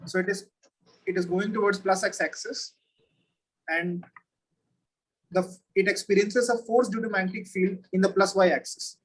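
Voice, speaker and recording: High-voiced male teacher quizzing a student. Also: fairly even intonation, low-quality recording. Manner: patient, repeats questions slowly. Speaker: physics teacher. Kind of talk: online oral exam questioning.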